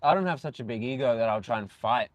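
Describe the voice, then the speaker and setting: A man in casual conversation, calm, reflective and matter-of-fact. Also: medium pitch, fast, no room sound, lo-fi sound.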